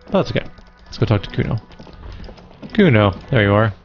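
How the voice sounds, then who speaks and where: Brief: man, a bit low, dry casual gaming commentary. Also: big pitch swings, fairly quick, dull audio, soft background music. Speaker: let's play host.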